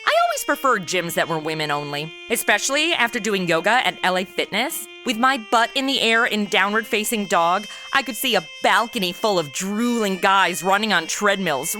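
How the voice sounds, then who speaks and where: A woman's voice: mid-range voice, bright, forceful tone. A young woman with a sarcastic, wisecracking modern manner, narrating and playing the lead in a comedy audio drama.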